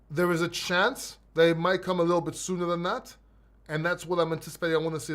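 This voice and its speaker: A man with a high voice and a mixed London and Greek accent hosts a live crypto Q&A. He is blunt and emphatic, drops the odd swear word, and stumbles over repeated words as he answers viewers' questions. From born in London, raised in Greece. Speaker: crypto livestream host. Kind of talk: live Q&A, reading chat questions.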